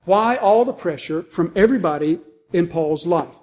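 Animated, high-voiced male preacher. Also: moderate pace, poor audio. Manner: animated, emphatic, rhetorical questions. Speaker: pastor. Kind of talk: sermon.

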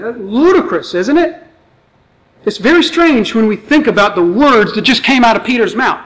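Very animated and high-voiced, a man preaches an expository sermon at a moderate pace with a fairly bright tone. He reads the scripture out loud and follows with a conversational explanation full of rhetorical questions, on a low-quality recording.

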